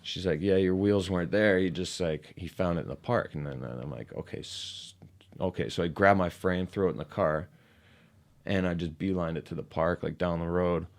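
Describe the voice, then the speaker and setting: A man in his thirties, a guest on a casual podcast, telling a long story in a rambling way, packed with "like" and growing more animated as he retells it. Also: low-pitched, normal speed, gravelly. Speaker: podcast guest, ramp builder.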